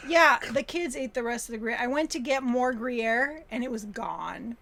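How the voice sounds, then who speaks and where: A woman's voice: a little high, moderate pace, creaky, a bit bright. A woman co-hosting a casual live stream, often giggling and chiming in with short replies. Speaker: co-host.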